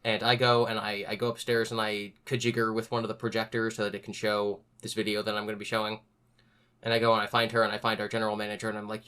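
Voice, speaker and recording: Bright-voiced young man telling a story. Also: lowish voice, quick pace, clear, resonant tone. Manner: animated, acts out other people's lines in a raised voice. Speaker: podcast host. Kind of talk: casual storytelling chat.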